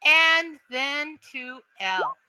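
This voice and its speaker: A woman narrating as game master of a tabletop game. She talks slowly, with a very bright tone, and often halts and restarts mid-sentence. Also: high voice, lively intonation, no echo, low-quality recording. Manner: halting, with many restarts.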